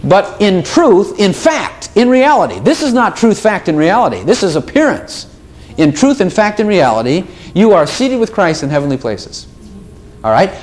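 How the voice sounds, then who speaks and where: A man preaching a sermon, animated, swinging between loud exclamations and soft asides. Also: high voice, normal speed.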